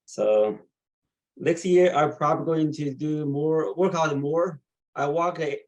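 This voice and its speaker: A man in his sixties introducing himself on a video call, halting and repeating himself as he talks. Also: medium pitch, a little mellow, low-quality recording. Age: 60s. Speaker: participant. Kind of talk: casual self-introduction.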